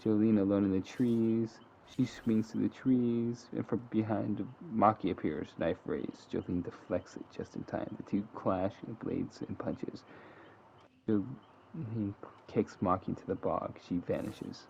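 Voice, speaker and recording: Gravelly low man narrating a game. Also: steady tone, measured pace, darkish tone. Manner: reads dramatically, laughs and corrects own slips. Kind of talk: casual read-aloud narration. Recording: dull lo-fi sound with faint hiss.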